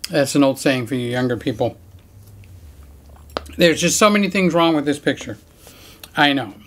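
A man's voice: fairly high pitch, moderate pace. A middle-aged man chatting casually in a home unboxing vlog, joking around and talking to his pets in a Christmas-decorated room. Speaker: camera vlogger.

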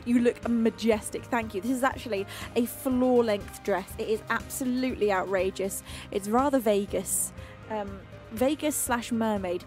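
A woman from the UK hosting a livestream, greeting her chat in a playful, affectionate, deliberately calm and soothing voice. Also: a little high. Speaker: streaming singer-songwriter host. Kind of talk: casual livestream chat reading chat messages. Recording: faint music playing behind.

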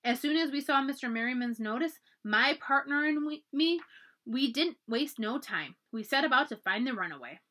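A woman reading aloud and voicing a rough, bullying slave-catcher man with blunt, uneducated speech. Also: high-pitched, animated, moderate pace, sharp tone, voice pushed up. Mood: blustering.

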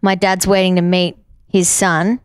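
A woman's voice: fairly low pitch, smooth, no room sound. A woman with an Australian accent, chatting playfully as an interview guest in a studio. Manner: playful, animated, quick to joke. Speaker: singer and drummer, interview guest. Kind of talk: casual interview chat.

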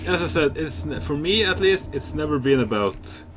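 A young man giving casual, chatty commentary while playing a game, excitable and swearing freely. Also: fairly high pitch, moderate pace, music in the background. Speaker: gamer.

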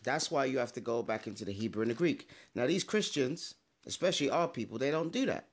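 A man with a gravelly, creaky voice leads a casual Bible study to camera. He talks in an emphatic, direct way and checks his sources as he goes. His pitch sits in a middle range. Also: lively intonation, a little fast. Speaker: Bible teacher. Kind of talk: informal video Bible teaching. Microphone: camera mic, adjusting camera while talking.

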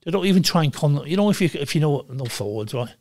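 An older man in his sixties, talking bluntly and with lots of swearing in a casual interview, telling animated stories. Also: on the high side, fast talker, no room sound, studio quality. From Wales. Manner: blunt, profane, animated storytelling. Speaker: guest, former goalkeeper.

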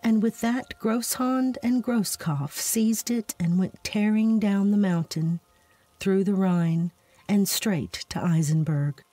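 A woman narrating a fairytale as a soft bedtime story, slow and soothing, lightly voicing the giants' lines. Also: mid-range voice, no echo.

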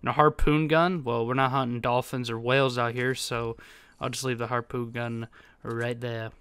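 A young man giving casual, excitable gameplay commentary, swearing and jumping into high yelps. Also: normal speed, clean tone, no room sound. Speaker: gaming YouTuber.

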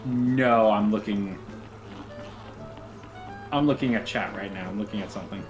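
Co-op gamer friend, jokey, yelps when hit, game music low in the back. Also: normal speed. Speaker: co-op gaming partner. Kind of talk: casual gameplay chat.

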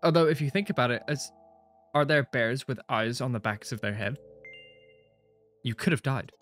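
A young man reads a visual novel aloud in a casual, joking way, swearing often and breaking into laughs. His voice sits at an average pitch for a man. Faint game music plays quietly behind him. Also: moderate pace. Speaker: gaming streamer.

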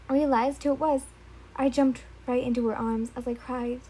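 A woman reading her own fan fiction aloud in the first person, stumbling and correcting herself as she goes. Her voice is a bit high, mellow and husky. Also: steady tone, low-quality recording. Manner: halting, frequent self-corrections while reading.

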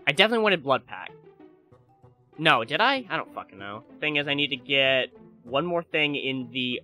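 A man's voice: mid-range voice, lively intonation, moderate pace, pushed and bright, faint music behind. A man giving casual, offhand gameplay commentary as a gaming YouTuber, muttering and swearing freely.

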